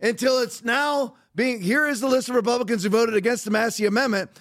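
High-voiced man hosting heated commentary. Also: steady tone, brisk, a bit bright. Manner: heated, emphatic, repetitive. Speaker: podcast host. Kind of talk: opinionated political commentary.

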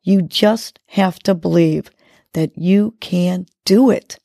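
A woman's voice: lowish voice, takes it slowly, gravelly, warm tone, dry recording, studio quality. A woman hosting a podcast, guiding a breathing exercise and giving encouraging, coaching words. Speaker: podcast host. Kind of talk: guided breathing and motivational talk.

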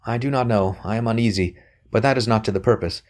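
A man reading aloud, voicing a quiet, earnest young male priest who pleads softly. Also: lowish voice, fast, pitched above the performer's own voice, close to an everyday voice. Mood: uneasy.

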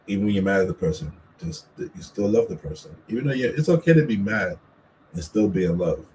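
In poor audio with a bit of background noise, a man talks with his wife about their marriage, earnest yet teasing. As co-host and husband, he voices quotes from each of them in a raised tone, his lowish, slightly mellow voice running fast and sing-song.

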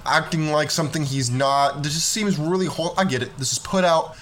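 A man's voice: a little high, brisk, a bit bright, a little hiss or hum. Slangy young man reacting to old films. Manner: laid-back, slangy, joking. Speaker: reaction video host. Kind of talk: casual commentary.

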